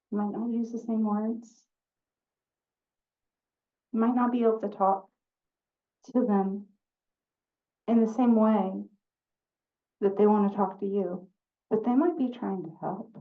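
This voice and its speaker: A woman storyteller telling a folk tale at a live story slam, slow and deliberate with refrains. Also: mid-range voice. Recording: distant phone-like sound.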